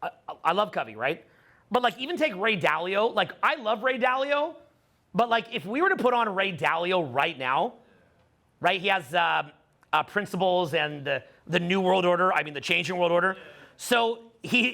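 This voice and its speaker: Middle-aged man addressing a live audience, emphatic and repetitive, with a high, bright voice. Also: vocal fry. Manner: emphatic, repeats phrases, many fillers. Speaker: dating coach speaking to a live audience. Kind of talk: animated seminar talk.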